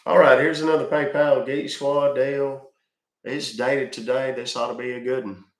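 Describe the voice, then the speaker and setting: A man's voice: mid-range voice, level tone, normal speed. A middle-aged man with a congested voice, chatting folksily with viewers as a live-stream scambaiting host. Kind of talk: casual live-stream chat. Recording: roomy echo.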